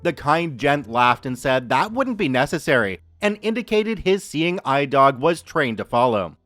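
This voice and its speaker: Lively, higher-voiced male story narrator. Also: normal speed, no echo, soft background music. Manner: lively, expressive reading. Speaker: podcast host reading stories. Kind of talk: narrating Reddit stories.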